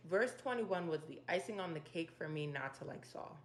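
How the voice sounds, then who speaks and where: Woman with a lowish voice doing a chill bible breakdown, chatty and opinionated, slight hiss behind. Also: moderate pace. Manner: animated, opinionated asides to the listener; conversational slang, retelling scripture in her own words. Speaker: Bible study video host. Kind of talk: casual Bible chapter breakdown.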